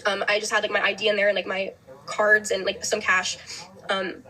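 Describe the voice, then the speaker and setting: A young woman hosting a podcast, telling a personal story quickly with lots of "like" and restarts. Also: mid-range voice, level tone, bright, forceful tone, rough recording. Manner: fast, heavy use of "like", restarts. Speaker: host.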